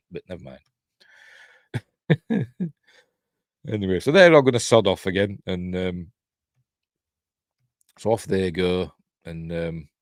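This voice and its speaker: A man's voice: low voice, a little mellow, no echo, clean studio sound. Rambling Yorkshireman reviewing a film. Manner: rambling with chuckling asides.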